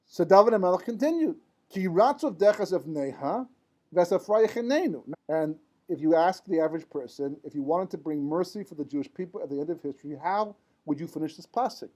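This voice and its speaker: A man's voice: fairly high pitch, fast, mellow. A man teaching a Torah class in a conversational lecture style, mixing Hebrew terms into English and often asking "right?" to check in with his listeners. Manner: conversational, asks rhetorical questions and checks in with "right?". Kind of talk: informal lecture to a live class.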